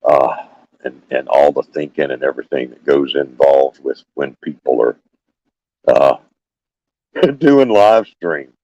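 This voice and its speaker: Older homestead host, scratchy and low, unhurried folksy live-stream chat, dull phone sound. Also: male voice, animated, warm tone, dry recording. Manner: halting, folksy, many fillers and restarts. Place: small room with fans running.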